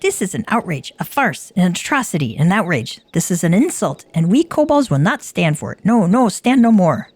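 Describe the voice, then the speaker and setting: A woman's voice: lowish voice, big pitch swings, normal speed, hardly any pauses, a little mellow, slightly rough, dry recording. A woman voicing a frantic captured kobold creature in a video game, babbling and repeating itself in panic. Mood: indignant.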